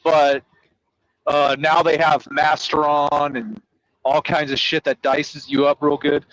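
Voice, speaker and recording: A man hosting a casual podcast chat, talking in an animated, rambling, profane way. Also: on the high side, slow pace, no room sound, rough recording. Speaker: host.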